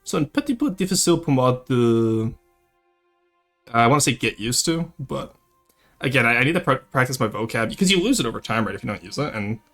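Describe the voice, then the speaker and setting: A man's voice: mid-range voice, expressive, a little fast, a bit bright, soft background music. A young man from Ontario, chatting casually on a live stream, reading chat and switching between English and French with frequent laughs. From Ontario, Canada.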